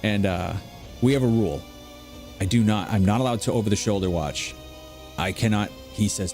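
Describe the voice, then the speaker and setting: A man's voice: lowish voice, normal speed, darkish tone. A middle-aged man chatting casually while playing a game, rambling through anecdotes with lots of fillers. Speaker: gameplay streamer. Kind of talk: casual gameplay commentary. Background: faint background music.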